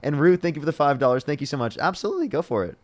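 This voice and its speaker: A man's voice: on the high side, expressive, rapid-fire, a little mellow. A man hosting a livestream debate show, thanking donors and pressing callers on their views. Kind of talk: casual livestream chat.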